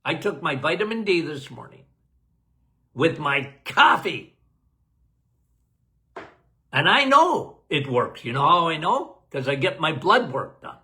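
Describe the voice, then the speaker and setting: A man's voice: on the high side, big pitch swings, unhurried, long pauses, pushed and bright. A man, a doctor, answering health questions in a casual live Q&A, emphatic and folksy, often laughing.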